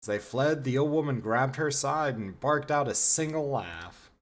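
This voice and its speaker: A man reading a novel aloud on a stream, expressive and slow. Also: medium pitch. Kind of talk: dramatic reading with live reactions.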